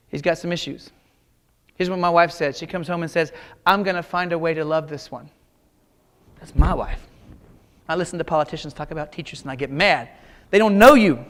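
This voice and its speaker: A middle-aged Kansas man gives a motivational keynote in a large auditorium, telling folksy jokes and stories straight to the audience. His voice is a little high, a little fast, and a bit bright.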